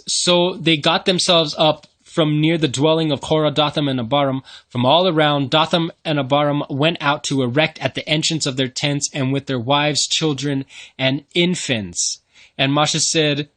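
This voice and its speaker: Brief: New Mexico man, fairly high voice, casual and profane, mixes scripture reading with slangy, mocking asides. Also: a bit bright. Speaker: scripture teacher.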